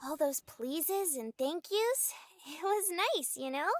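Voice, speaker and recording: Woman doing Yellowstone, a very high bubbly girl. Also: animated, measured pace, no echo, studio quality, exaggerated voice. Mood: subdued. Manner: chipper, old-fashioned folksy phrasing. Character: bubbly cheerful young woman park ranger type. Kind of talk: reading a visual novel aloud.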